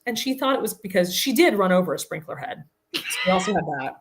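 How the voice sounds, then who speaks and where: Lively woman telling a comic story. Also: medium pitch. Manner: animated, laughing often, quick asides. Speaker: podcast guest. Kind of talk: comic storytelling in casual chat.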